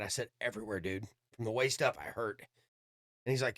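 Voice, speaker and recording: Here a man with a medium-pitched voice speaks a little quickly. As a podcast guest, he tells a long story in a laid-back way, cursing liberally and performing other people's words as quoted dialogue.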